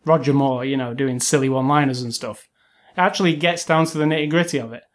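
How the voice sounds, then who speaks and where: A man's voice: medium pitch, fast talker. A man co-hosting a casual film review chat, rambling and enthusiastic, with lots of fillers and restarts. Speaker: film podcast co-host.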